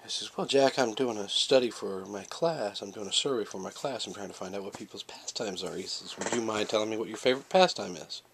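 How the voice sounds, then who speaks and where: A man casually telling jokes, rambling with lots of fillers and restarts and jumping into loud, excited bursts when he acts out the characters. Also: lowish voice, a little fast, gravelly, few pauses, slight background noise.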